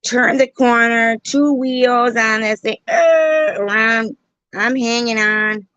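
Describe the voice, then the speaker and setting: Slow, jokey woman streamer, dull lo-fi sound. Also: fairly high pitch, clean tone, dry recording. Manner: animated, jokey, slow and drawn out. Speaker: livestreamer chatting with viewers. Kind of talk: casual storytelling and chat.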